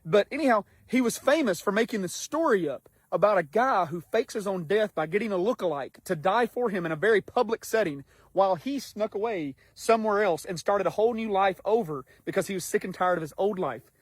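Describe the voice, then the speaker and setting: A man in his thirties, a vlogger, telling stories casually to camera in a rambling, animated way with lots of fillers. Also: high-pitched, brisk, hardly any pauses, no room sound.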